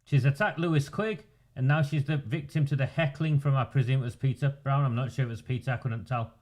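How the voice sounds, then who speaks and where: A man's voice: medium pitch, brisk, a little mellow. A man, commenting indignantly over footage of a council meeting. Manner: indignant, repeatedly calling out names. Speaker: political commentator.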